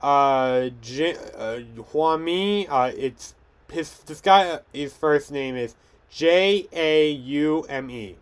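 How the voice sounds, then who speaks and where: A man's voice: on the high side, slow, clear, resonant tone. A young man hosting a podcast, chatting casually through film news with frequent restarts and stumbles. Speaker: podcast host.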